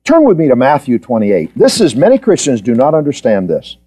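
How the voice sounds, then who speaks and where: A man leads a Bible study lecture, putting questions to his students and repeating his key points. His pitch rises and falls in lively swings, and his tone stays warm and mellow. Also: a little fast, slightly rough. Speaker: Bible teacher.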